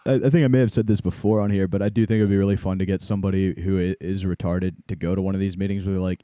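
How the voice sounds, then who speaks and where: A man's voice: deep voice, racing, few pauses, no room sound, clean studio sound. A man telling comic stories on a podcast in casual chat, slipping into voices for the people in them. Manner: animated storytelling with put-on voices. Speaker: podcast comedian.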